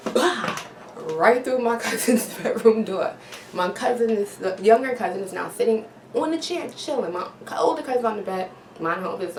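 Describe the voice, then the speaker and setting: A woman vlogger telling a storytime tale, full of slang and sound effects. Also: medium pitch. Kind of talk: storytime vlog. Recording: roomy, distant, noisy home recording.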